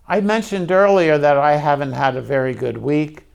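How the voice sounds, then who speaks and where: A man preaching a sermon in a slow, conversational way, asking the congregation questions and speaking candidly about himself. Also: on the high side, gravelly, clear, resonant tone. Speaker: pastor.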